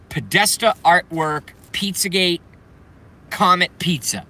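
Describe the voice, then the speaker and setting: A man hosting a live stream, ranting in a profane, heated way that swings between loud outbursts and muttering. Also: high-pitched, animated, slow. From Boston, Massachusetts.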